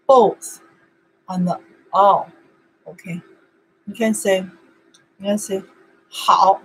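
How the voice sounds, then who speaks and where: A woman's voice: mid-range voice, fairly even intonation, drawn-out words, long pauses, a little hiss or hum, poor audio. A woman whose first language is Chinese, teaching an online language lesson in simple, broken English and repeating words over and over for practice.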